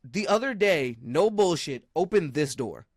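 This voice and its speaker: Animated Baltimore man in casual podcast chat. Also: a little slow, a crowd in the background. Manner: animated, swearing, jumps to high excited yelps when retelling stories. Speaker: podcast co-host.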